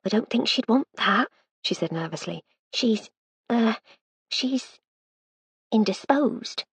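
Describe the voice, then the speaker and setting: A timid young housemaid, voiced by a woman narrator, talks nervously and hesitates, slipping into hushed tones. Her slightly husky voice is raised and recorded dry and close for an audiobook. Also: on the high side, lively intonation, slow, no echo, pitched above the performer's own voice, exaggerated voice.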